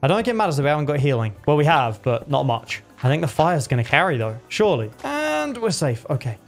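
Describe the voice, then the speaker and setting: Excitable young man narrating live gameplay. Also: fairly high pitch, brisk, creaky, faint music behind. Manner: excitable, yelps and laughs at close calls, talks to himself. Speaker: gaming video creator.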